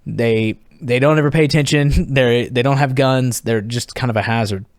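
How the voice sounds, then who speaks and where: Lively male veteran telling war stories. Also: mid-range voice, normal speed, no echo, studio quality. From United States. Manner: animated, laughing, acts out dialogue. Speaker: podcast guest. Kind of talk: storytelling in conversation.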